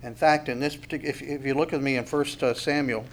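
A man's voice: mid-range voice, steady tone, fairly quick, a little hiss or hum. A male pastor preaching a sermon in a conversational way, repeating words and adding chuckling asides.

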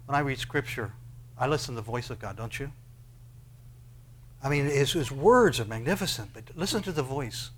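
A pastor preaching a sermon, asking his listeners question after question and swinging between hushed, slow passages and loud, rising ones. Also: medium pitch, expressive.

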